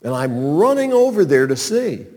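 A man from North Carolina telling a personal story to an audience in an animated, sermon-like way. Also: a little high, moderate pace. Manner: animated storyteller, acts out calls and sounds. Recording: long reverb of a large hall.

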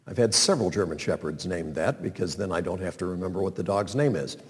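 A man from North Carolina telling a personal story to an audience in an animated, sermon-like way. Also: fairly low pitch, husky. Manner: animated storyteller, acts out calls and sounds. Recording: long reverb of a large hall.

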